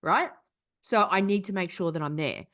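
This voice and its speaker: A woman's voice: on the low side, moderate pace, a bit bright. A young woman co-hosting a podcast, telling a story in casual, profane chat. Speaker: podcast co-host.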